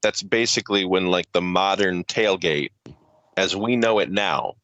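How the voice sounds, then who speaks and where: A man's voice: deep voice, measured pace, fairly bright tone, no room sound, lo-fi sound. A man co-hosting a podcast, reading notes aloud with profane, offhand asides. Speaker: podcast co-host. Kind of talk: casual reading of notes with banter.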